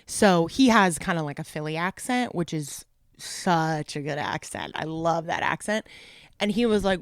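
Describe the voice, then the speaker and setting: A young woman, chatting as a musician guest on a podcast, animated and laughing often. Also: lowish voice, normal speed, clean tone, no room sound, clean studio sound. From New York. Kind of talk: casual podcast chat.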